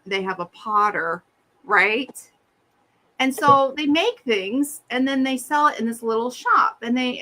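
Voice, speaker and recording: A middle-aged woman co-hosting a casual chat, telling funny stories and acting out the people in them. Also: fairly high pitch. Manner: animated, acts out quoted voices. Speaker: podcast co-host.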